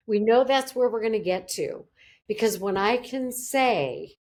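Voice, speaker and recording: A woman's voice: on the high side, expressive, a little slow, darkish tone. A middle-aged woman, a psychologist, talking as a guest on a podcast and acting out quoted voices with animation. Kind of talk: podcast interview.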